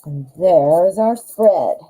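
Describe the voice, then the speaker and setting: A woman's voice: on the low side, lively intonation, very slow, warm tone, low-quality recording. A woman in her forties with a Midwestern American accent, chatting in a rambling, self-deprecating way while doing a live tarot reading. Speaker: tarot reader.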